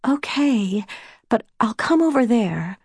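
Woman reader playing a gentle girl, soft and murmuring, a little higher than the narration, in an audiobook. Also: very animated, slow, breathy edge, dry recording, studio quality, heavily acted. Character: gentle soft-spoken older sister, patient.

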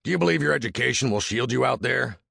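Man voicing a gravelly old frontier trapper. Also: medium pitch, animated, fast, pushed and bright, no room sound, clean studio sound, pitched above the performer's own voice, full character voice. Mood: mocking. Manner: amused, mocking drawl. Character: gruff older male frontier trapper, skeptical.

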